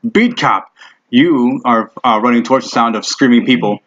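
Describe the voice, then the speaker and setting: A man's voice: mid-range voice, moderate pace, fairly bright tone. A man narrating a tabletop game as game master, casual and swearing heavily, in a dull lo-fi recording.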